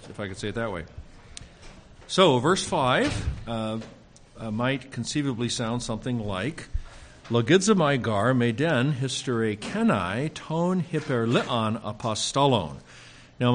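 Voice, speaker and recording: A man leading an informal Greek class at a seminary, pausing often with fillers and slipping in dry jokes. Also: medium pitch. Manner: dry joking, pauses with many fillers.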